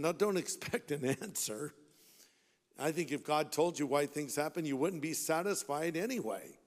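Brief: fervent male pastor, fairly high voice, long hall reverb. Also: expressive, moderate pace. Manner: impassioned, rhetorical questions, shifts from loud to hushed. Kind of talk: sermon.

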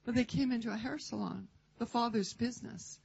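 A woman preaching a testimony, telling stories in an animated way and acting out the voices of the people in them. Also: fairly high pitch, brisk, creaky, husky. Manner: animated storytelling, acts out voices and laughs. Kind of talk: testimony sermon. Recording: dull lo-fi recording.

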